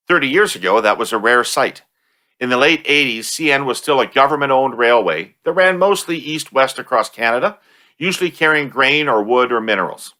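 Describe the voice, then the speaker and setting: A man hosting a podcast, chatting casually and reading a sponsor spot, jokey and quick to laugh. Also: mid-range voice, sharp tone. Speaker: podcast host.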